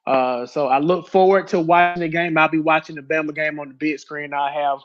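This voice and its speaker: A man talking as a sports panelist with a somewhat high voice, pausing on ums between points. His audio comes through slightly dull and lo-fi. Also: fairly even intonation. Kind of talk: casual sports chat.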